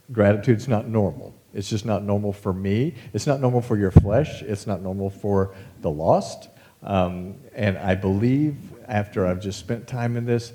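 A middle-aged man gives a relaxed, chatty sermon, poking fun at himself as he tells stories. His voice sits low with a dark, mellow tone, and he talks like he is among friends. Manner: conversational, self-deprecating, animated storytelling. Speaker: pastor. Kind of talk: casual sermon.

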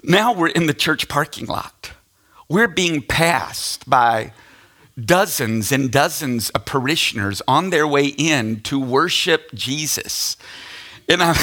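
A middle-aged male pastor telling a self-deprecating story from the pulpit, animated and laughing at himself. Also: fairly high pitch. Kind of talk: storytelling sermon.

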